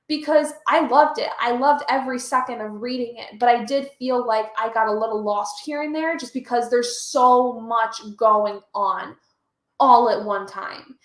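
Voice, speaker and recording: A woman's voice: on the high side, normal speed, reverberant. A woman hosting a reading stream, chatting casually and reading out chat messages, easily moved. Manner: chatty, emotional, reads chat aloud. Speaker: livestream host.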